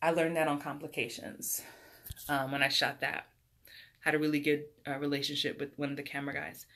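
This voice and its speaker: Bright-voiced New woman chatting live. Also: sits low, level tone, fairly quick. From New York. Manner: chatty, laughs often, reads out viewer comments. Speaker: acting coach. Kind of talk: casual livestream chat.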